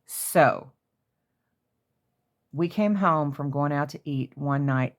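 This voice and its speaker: Low-voiced Oklahoma woman telling a story. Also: slow. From Oklahoma, USA. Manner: animated, excitable storyteller who jumps to high shrieky pitches. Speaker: crafter showing handmade pieces. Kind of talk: casual storytelling vlog. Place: home craft room.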